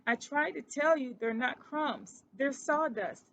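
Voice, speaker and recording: Storybook figure: woman reading as a little boy mouse, squeaky, high and sorry for himself. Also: lively intonation, a little slow, fairly bright tone, slight background noise, full character voice. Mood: remorseful. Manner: squeaky, tearful, apologetic.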